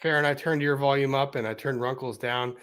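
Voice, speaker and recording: A man's voice: mid-range voice, fairly quick, clean tone. Joking man hosting a live stream. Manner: relaxed, joking, swears casually. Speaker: lawyer streamer, host. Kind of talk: casual chat on a live stream.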